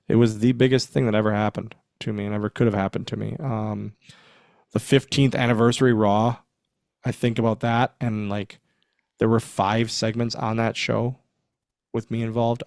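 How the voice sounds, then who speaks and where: A man's voice: mid-range voice, clear, resonant tone, dry recording, studio quality. A man in his forties, a former wrestler, telling backstage stories in a casual interview, acting out quotes and laughing often. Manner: animated storyteller, acts out quotes, laughs often.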